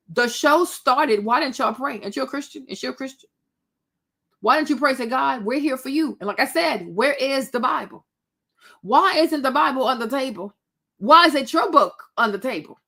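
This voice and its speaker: A woman's voice: high-pitched, expressive, moderate pace, pushed and bright. A woman hosting a reaction commentary, scolding bluntly and cursing freely. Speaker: commentary host.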